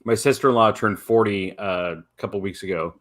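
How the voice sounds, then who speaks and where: A man in casual chat on a live stream, explaining his plans in a measured way. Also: lowish voice.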